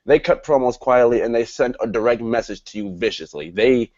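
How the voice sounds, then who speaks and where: A man's voice: mid-range voice, fairly quick, darkish tone, muffled recording. A man casually co-hosting a wrestling review, blunt and profane in his opinions. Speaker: podcast co-host.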